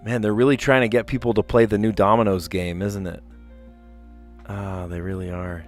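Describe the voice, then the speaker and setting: A man with a fairly low voice hosts a relaxed livestream, working through word puzzles. He reads each clue aloud and wanders into friendly personal asides, chuckling easily as he goes. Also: moderate pace, faint music behind. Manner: reads clues aloud, chatty asides, amused laughter. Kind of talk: casual livestream commentary.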